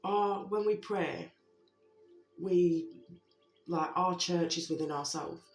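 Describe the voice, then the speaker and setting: A spiritual message giver speaking to viewers in a heartfelt way, gently repeating reassurances with many fillers. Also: medium pitch, slow pace. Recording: roomy echo with faint background music.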